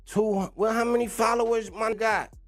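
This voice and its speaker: A man's voice: high voice, fairly even intonation, normal speed, soft background music. A young man, ranting casually on a livestream, slangy and laughing often. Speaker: livestream host.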